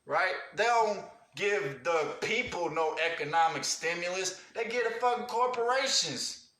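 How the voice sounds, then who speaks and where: Angry guy ranting on a stream, high sharp voice, cussing nonstop, echoey room. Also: lively intonation, measured pace. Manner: angry, cussing, street talk. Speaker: livestream host. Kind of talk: profane livestream rant. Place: indoors at home.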